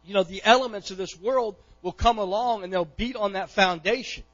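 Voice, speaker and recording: Man, pastor, sermon, middle-aged, impassioned, forceful tone, muffled lo-fi sound. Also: high-pitched, fairly quick. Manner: impassioned, rising to near-shouts, repeats words.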